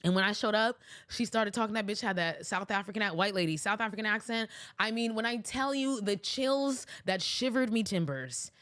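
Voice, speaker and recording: A woman's voice: medium pitch, normal speed, a bit bright, no echo, studio quality. Blunt, heated woman podcast host. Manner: emphatic, with frequent restarts. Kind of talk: casual commentary.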